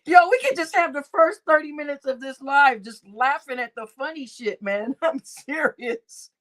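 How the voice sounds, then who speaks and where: A woman's voice: sits high, moderate pace, fairly bright tone. A woman hosting a casual livestream, laughing constantly between remarks and swearing freely. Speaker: livestream host.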